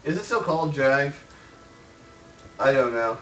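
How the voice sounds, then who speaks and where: A man's voice: mid-range voice, expressive, a little slow, sharp tone, highs cut off, faint music behind. A man joking around in a goofy way while co-hosting a game stream. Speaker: co-host. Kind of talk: casual gaming chat. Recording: roomy, distant from the mic.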